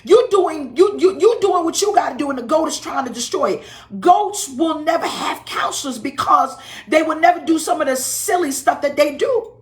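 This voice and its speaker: A woman pastor preaching a livestream in a high, swooping voice. She is folksy and animated, chuckling as she goes and repeating her words for emphasis. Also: normal speed. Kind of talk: livestreamed sermon.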